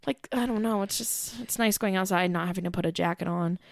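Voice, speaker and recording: A woman's voice: medium pitch, fairly quick, gravelly, no echo, studio quality. A young woman co-hosting a podcast in casual chat, talking easily with lots of fillers and frequent laughter. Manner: chatty, laughs often, many "like" fillers. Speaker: podcast co-host.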